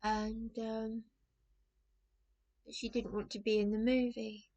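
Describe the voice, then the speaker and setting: A middle-aged woman chats to camera in a loose, rambling way. Her voice has a gravelly fry, and she keeps breaking off and restarting in an anxious manner. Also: fairly high pitch, flat delivery, takes it slowly, mellow. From England. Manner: anxious, rambling, self-interrupting. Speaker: vlogger. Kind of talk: casual storytelling to camera.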